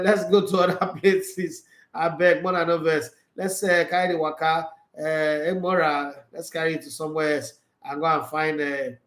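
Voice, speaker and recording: A man's voice: on the high side, fairly bright tone, echoey room. A man with a Nigerian Pidgin English accent, hosting a loose football chat, laughing often and switching between Pidgin and English. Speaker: sports channel host. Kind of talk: live football commentary chat.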